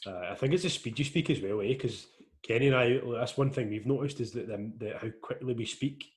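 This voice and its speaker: A man hosting a podcast, chatting casually with eager, quick interjections. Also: medium pitch. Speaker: podcast host. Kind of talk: casual chat.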